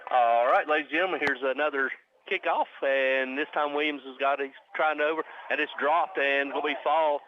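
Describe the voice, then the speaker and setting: A man calling a high school football game live on the radio as the play-by-play announcer, speeding up and rising on big plays. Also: fairly even intonation, brisk. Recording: muffled radio broadcast with faint noise.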